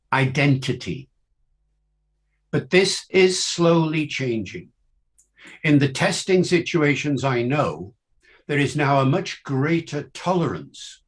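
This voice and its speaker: An older man from Wales, a linguist giving an academic lecture in measured, emphatic phrases with rhetorical questions. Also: medium pitch.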